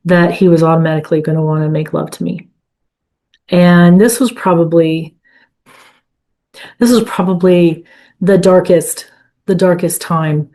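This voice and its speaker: A middle-aged woman sharing a personal faith testimony in a reflective, halting way with many fillers. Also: lowish voice, a little mellow. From California. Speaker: podcast host sharing her testimony.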